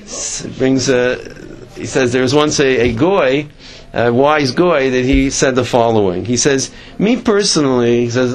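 A man teaching a Torah class as a rabbi, telling stories casually with many restarts and jumping up in pitch when he quotes others. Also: normal speed. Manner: animated, jumps up in pitch when quoting others; loose, conversational, many restarts. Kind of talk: casual Torah lecture with storytelling.

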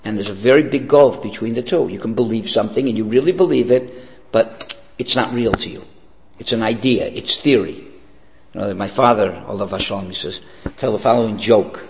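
A man's voice: fairly low pitch, fairly quick, a little hiss or hum. Man teaching in a reverberant hall. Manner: conversational, asks rhetorical "okay?". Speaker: Torah teacher. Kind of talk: lecture with story and jokes.

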